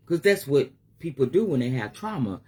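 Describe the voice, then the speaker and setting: Middle-aged woman, spiritual advisor, open-hearted live-stream monologue with a breathy, husky edge. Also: extremely low pitch, sing-song, normal speed, dark tone. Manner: candid and emotional, swears casually.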